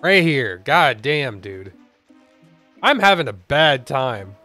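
A man's voice: medium pitch, very animated, takes it slowly, pushed and bright, faint music behind. A young man hosting a let's play, giving profane, exasperated gameplay commentary.

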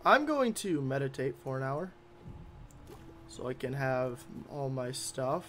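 A man's voice: mid-range voice, sing-song, measured pace, a bit bright, slight background noise. A man giving gameplay commentary as a gaming YouTuber, grumbling and easily irritated.

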